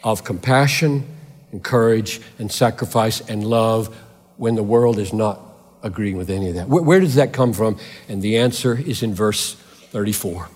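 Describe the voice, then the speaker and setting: A man preaching a sermon as a pastor, impassioned, swinging between loud emphatic peaks and quiet intensity. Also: lowish voice, normal speed, breathy edge, in a large hall.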